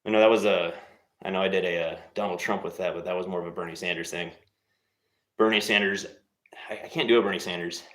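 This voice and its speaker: Low-voiced man, teasing workout streamer. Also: fairly quick, fairly bright tone. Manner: teasing, motivational, laid-back. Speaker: livestream host. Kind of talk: casual live workout chat.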